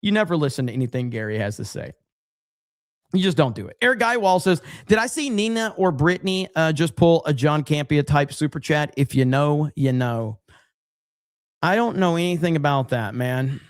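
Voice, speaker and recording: A man hosting a casual livestream, reading viewer super chats aloud and thanking people by name with quick, upbeat asides. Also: on the high side, animated, no echo, clean studio sound.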